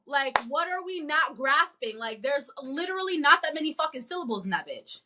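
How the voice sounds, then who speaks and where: A woman co-hosting a casual podcast, ranting in a blunt and profane way. Her voice sits high and sounds bright. She talks with lively, cutting energy. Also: a little fast, hardly any pauses, a little hiss or hum. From not from the American South. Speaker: podcast co-host. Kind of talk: casual chat.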